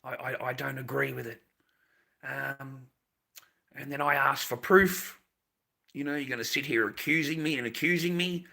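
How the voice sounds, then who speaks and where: A man rants on a live stream in a gravelly, husky voice with a tense, sharp edge. He is agitated, circles back to the same phrases, stammers and swears as he talks. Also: medium pitch. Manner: agitated, repeats phrases, swears, stumbles over words. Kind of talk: emotional livestream rant.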